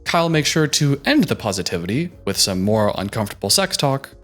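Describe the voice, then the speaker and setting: A man's voice: medium pitch, sing-song, a little fast, music in the background. A man giving a casual, sassy recap of a reality show, throwing in joking asides. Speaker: reaction commentator.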